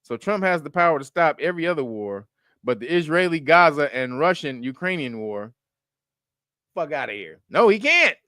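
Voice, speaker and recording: A man riffs through casual commentary in a blunt, profane way, laughing often and circling back through restarts. His voice sits high and swings widely in pitch as he goes. The sound is dry and close. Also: big pitch swings, normal speed, bright, forceful tone, dry recording. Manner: rambling with frequent restarts. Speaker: commentary show host.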